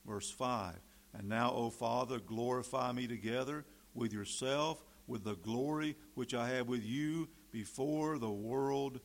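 A man delivering a sermon, his voice sitting at an ordinary middle pitch. He reads scripture aloud, climbs to loud, emphatic preaching, then drops into quiet, folksy asides. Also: measured pace, vocal fry. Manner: folksy, conversational storytelling between scripture readings.

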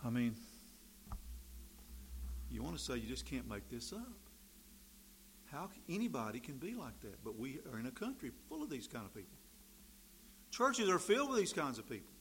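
A man preaching a sermon in an animated, sarcastic way, swinging from quiet remarks to loud, emphatic bursts. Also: on the high side, moderate pace, long pauses, slight background noise.

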